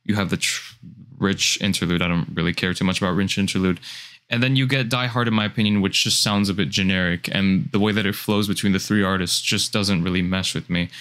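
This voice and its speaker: A man co-hosting a podcast, giving a relaxed, opinionated album review with frequent restarts. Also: low-pitched, a little fast. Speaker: podcast co-host. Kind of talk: casual album review chat.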